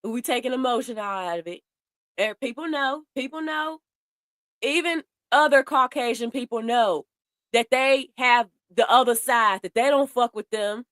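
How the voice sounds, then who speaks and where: A woman's voice: a little high, moderate pace, fairly bright tone, no echo, clean studio sound. A woman doing heated commentary, blunt and profane, speaking straight to her viewers in a way. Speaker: commentary host. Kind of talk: casual commentary.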